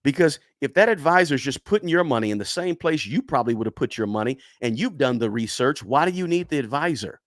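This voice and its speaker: A man's voice: mid-range voice, lively intonation, quick pace, hardly any pauses, no room sound, clean studio sound. A man giving personal finance advice to camera in a casual, emphatic way, repeating words for stress and often checking in with "right?".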